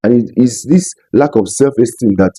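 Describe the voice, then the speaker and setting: A man's voice: medium pitch, moderate pace, mellow, dry recording, low-quality recording. A Nigerian man giving an emphatic opinion commentary on his vlog, repeating phrases for stress. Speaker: commentary vlogger.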